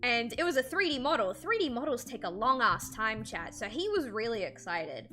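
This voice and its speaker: A woman artist chatting casually on a livestream while drawing, animated and swearing freely, with frequent laughs. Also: a little high, moderate pace, faint music behind. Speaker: streamer and artist.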